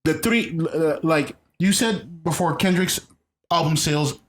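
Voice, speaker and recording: A man's voice: on the high side, unhurried. Emphatic man co-hosting a podcast. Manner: emphatic, repeats himself, restarts mid-sentence. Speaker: podcast co-host. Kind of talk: casual chat.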